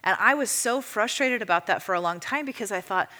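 A woman teaching a church audience in a casual, chatty way, full of fillers and lively storytelling. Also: medium pitch, a little fast. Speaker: ministry teacher. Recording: long reverb of a hall.

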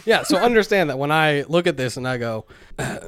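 A man's voice: on the high side, lively intonation, fast talker, fairly bright tone, dry recording. A man co-hosting a podcast in casual chat, wry and self-mocking, laughing easily. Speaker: podcast co-host.

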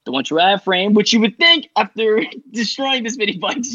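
A man from New York spins a long story in loose, rambling podcast chat, swearing freely and restarting his sentences. His voice sits a little high. The recording is dull and lo-fi, with a dry, close sound. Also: expressive, normal speed, bright, forceful tone, dry recording. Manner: rambling, profane, lots of fillers and restarts. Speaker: guest rider telling his story.

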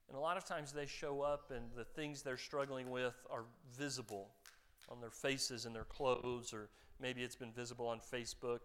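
A man's voice: medium pitch, fairly bright tone. A man pastor giving a conversational sermon, joking with his congregation.

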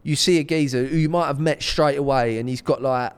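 A young man, co-hosting a casual banter podcast, talking in an animated, slangy way and often restarting his sentences. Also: medium pitch, a little fast, clean tone. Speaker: podcast co-host. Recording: reverberant room.

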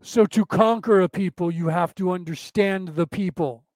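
High-voiced rambling man host. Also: moderate pace, darkish tone, no echo. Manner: rambling, repetitive, preachy. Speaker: podcast host. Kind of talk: casual spiritual talk.

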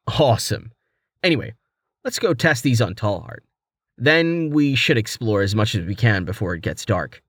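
A man's voice: on the low side, animated, normal speed, breathy edge, no room sound, clean studio sound. A man voicing a playful young male adventurer in armor, in a casual, everyday voice. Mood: joking.

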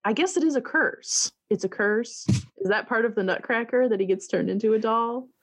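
A woman's voice: fairly high pitch, moderate pace. A woman in casual chat about a movie, laughing easily and making wry quips.

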